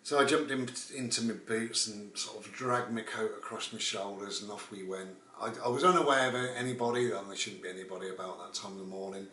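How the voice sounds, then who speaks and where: A man's voice: fairly low pitch, fairly quick, few pauses, pushed and bright. A man, telling a rambling, casual story as a vlogger. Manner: rambling, with frequent "and all the rest of it". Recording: roomy, distant mic.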